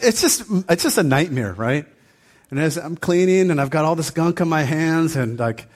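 A man preaching a sermon as pastor, telling a personal story in a loose, conversational way full of fillers and restarts, then building into fervent, emphatic preaching. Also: medium pitch.

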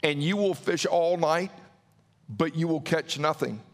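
High-voiced man preaching a sermon. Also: long reverb tail. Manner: preaching with acted-out quotes and dramatic pauses. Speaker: pastor.

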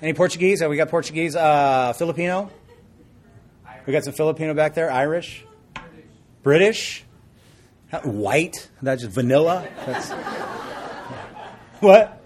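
A man's voice: fairly high pitch, moderate pace, long pauses. A man preaching a sermon as pastor, explaining scripture and joking with the congregation. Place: church service before a congregation.

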